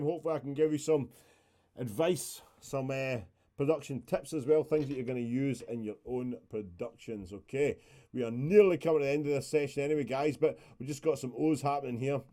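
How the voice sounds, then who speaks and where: A man's voice: mid-range voice, dark tone. A man, casually walking through a music production session on a live stream, chatty and rambling with the odd swear word.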